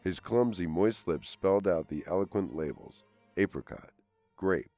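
A man reading a literary short story aloud as an audiobook narrator, in a measured, even storytelling manner. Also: sits low, no echo. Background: faint string trio music.

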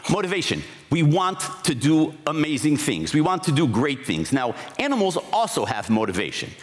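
Man, conference speaker, lively rising and falling pitch, reflective explanatory delivery, echo of a large hall. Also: moderate pace. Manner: reflective, explanatory, with occasional restarts. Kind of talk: conference talk. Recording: hall reverb.

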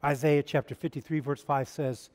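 A male pastor preaching a sermon in a church, swinging between loud emphatic runs and hushed, quiet lines. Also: a little high, fairly even intonation, normal speed. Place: church sanctuary. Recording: long reverb of a church hall.

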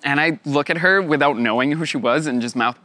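A young man telling a personal story in a lively way, laughing often and acting out the voices of others. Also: on the high side, fairly quick.

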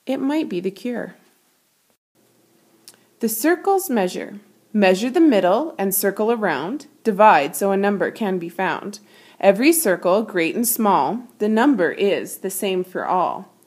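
A woman's voice: medium pitch, expressive, a little slow, a little mellow. Patient woman teaching math from a storybook. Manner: clear patient explaining. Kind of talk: reading a picture book and explaining math.

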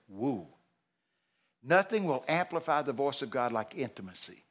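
A man in his seventies with a Texan accent, preaching a sermon in a folksy, emphatic way with sudden shouted exclamations. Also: medium pitch, sing-song, moderate pace. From Texas.

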